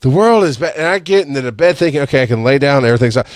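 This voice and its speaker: A man hosting a podcast, telling a personal story in a casual, animated way, laughing and swearing, with sudden loud high-pitched outbursts. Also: very fast, few pauses, dry recording, clean studio sound. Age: adult with a young son. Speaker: podcast host.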